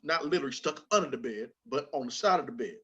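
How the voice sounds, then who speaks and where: A man hosting a podcast, telling a childhood story in a casual, animated way with plenty of swearing. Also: mid-range voice, quick pace, slightly rough, lo-fi sound. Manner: animated, swearing, repeats words when excited. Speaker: podcast host.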